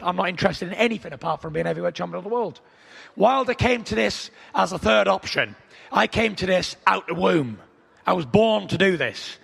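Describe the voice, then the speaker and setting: A young adult man, a boxer trash-talking at a press conference, boastful and taunting, with a gravelly voice. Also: high-pitched, a bit bright. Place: large packed press conference hall. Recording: echoey large hall.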